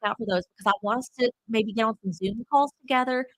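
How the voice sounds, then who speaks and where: A woman's voice: a little high, quick pace, a bit bright, no room sound, low-quality recording. A woman hosting a casual travel livestream, chatty and rambling with lots of fillers, a bit stuffy from a cold. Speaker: travel channel host.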